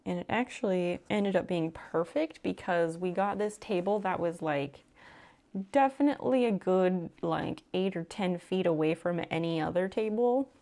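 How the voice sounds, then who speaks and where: A woman's voice: lowish voice, moderate pace, dark tone. A woman streamer telling a long story in casual chat, with lots of fillers and casual swearing. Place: home room while sewing on a live stream.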